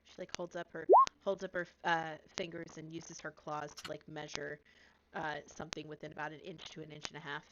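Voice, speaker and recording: A woman's voice: low-pitched, level tone, fairly quick, highs cut off, noisy background. A woman playing a tabletop game, giggly and hesitant as she describes her character's actions. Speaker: player.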